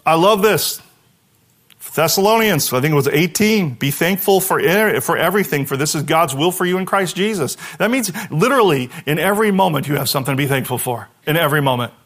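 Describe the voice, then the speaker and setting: A male pastor preaching to his congregation with a high, light voice. He is animated and direct, and he sinks into a near hush whenever he voices a prayer. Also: fairly quick. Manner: animated preaching, dropping to a hushed voice for quoted prayers. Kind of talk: sermon.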